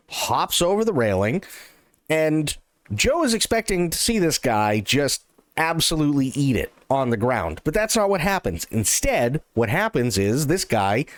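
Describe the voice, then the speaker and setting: A man streaming live, telling a long joke and thanking viewers in an excitable, animated way. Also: medium pitch, no echo, clean studio sound.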